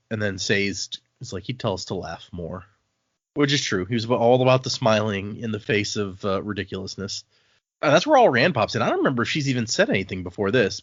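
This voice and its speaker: A man's voice: medium pitch, a bit bright, no room sound. A man co-hosting a book podcast, casually recapping chapters and acting out characters' lines. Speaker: podcast co-host. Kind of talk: casual book-club chat. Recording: dull, dry home podcast mic.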